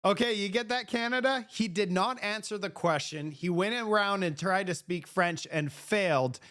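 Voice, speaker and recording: A man's voice: high-pitched, normal speed, fairly bright tone. A man hosting opinionated political commentary, sarcastic and mocking in tone.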